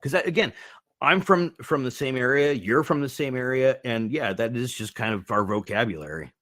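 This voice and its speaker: A man's voice: mid-range voice, normal speed, fairly bright tone. A man co-hosting a casual podcast chat, laughing often and retelling movie scenes. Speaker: co-host.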